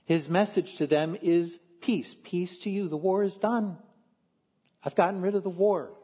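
A man, a pastor from Philadelphia, preaching a sermon in an earnest, measured way with slow emphatic stresses. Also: high-pitched, dark tone, breathy edge, in a large hall.

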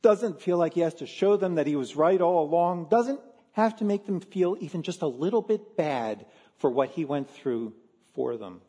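A man, a pastor from Philadelphia, preaching a sermon in an earnest, measured way with slow emphatic stresses. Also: fairly high pitch, expressive, mellow, husky, big-room sound.

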